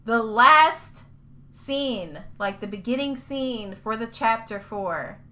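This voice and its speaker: A woman's voice: on the high side, animated, slow pace, bright, forceful tone. A woman hosting a casual podcast, talking in a heated, profane rant and repeating her points for emphasis. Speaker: podcast host.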